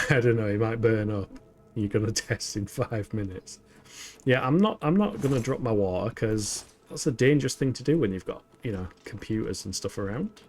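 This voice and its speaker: A man's voice: lowish voice, lively intonation, normal speed. A young man with a playful, giggly manner, chatting casually while livestreaming a game from his home setup. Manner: playful, giggly, rambling banter. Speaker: streamer.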